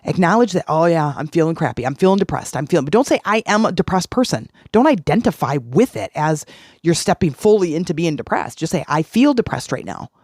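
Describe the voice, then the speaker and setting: A middle-aged podcast host coaching listeners through a self-help talk. The delivery is earnest, circling back to the same phrases to stress them. The voice sits at a middling pitch and sounds dry and close, with no room around it. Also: very animated, fairly quick, darkish tone, no room sound. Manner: earnest, repeats key phrases for emphasis.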